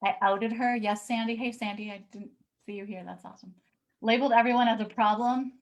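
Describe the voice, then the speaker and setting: Woman, educator, live online talk, lively storytelling, slightly high voice. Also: a little fast, rough recording. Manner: animated storyteller who acts out the people she quotes.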